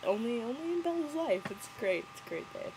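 A woman's voice: on the high side, big pitch swings, a little fast, creaky, noisy background. A young woman vlogger, sick, casually mocking a movie with sarcastic, giggly commentary.

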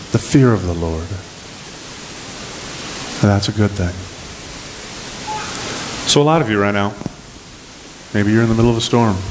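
A man preaching a sermon as pastor, animated and lively, acting out the scripture scenes as he goes. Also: fairly low pitch, background noise.

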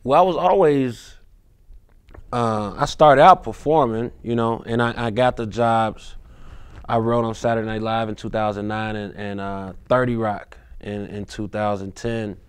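A man's voice: fairly low pitch, steady tone, measured pace, smooth. A man in his thirties, a comedian as a guest in a casual interview, talking in a laid-back, rambling way with restarts.

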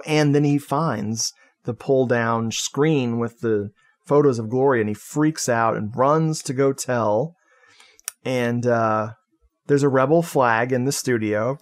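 Jokey, swearing male podcast host. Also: medium pitch. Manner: profane, jokey, laughs often. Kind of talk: casual movie recap chat.

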